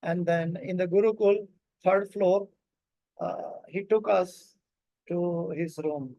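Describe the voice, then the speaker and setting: Man, high voice, halting personal storyteller, dry recording. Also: steady tone, gravelly, warm tone, no echo, muffled recording. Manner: halting, many uh fillers, non-native English grammar. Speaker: devotee recounting a memory.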